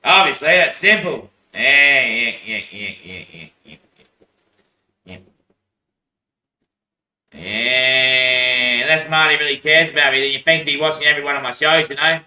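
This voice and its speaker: Australian man, casual rambling monologue, bright tense voice, echoey room, distant from mic. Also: medium pitch, measured pace, long pauses. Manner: rambling, swears a lot, laughs between phrases.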